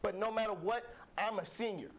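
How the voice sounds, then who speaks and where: A man's voice: high-pitched, brisk. A man playing an angry senior college football player who rallies his team in a blustering, repetitive way. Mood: rallying. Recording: noticeable background noise.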